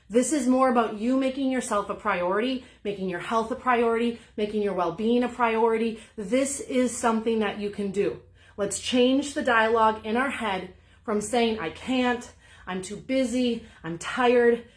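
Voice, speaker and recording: A fitness instructor leads a live-streamed workout, upbeat and encouraging as she counts through the exercise, a little out of breath. Her voice is fairly high at normal speed, recorded far from the mic in a roomy space.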